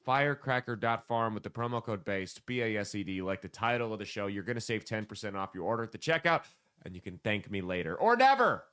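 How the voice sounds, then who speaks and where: A man hosting a casual comedy podcast, joking loosely and throwing in sudden loud bursts. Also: fairly low pitch, expressive, quick pace, clean tone. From United States. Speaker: podcast host.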